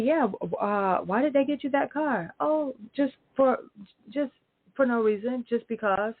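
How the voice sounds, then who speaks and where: A woman's voice: lowish voice, no echo. A woman ranting casually to her viewers, emphatic and profane, heavy on fillers. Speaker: vlogger. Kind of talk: casual rant to camera. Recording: dry tinny phone-like sound.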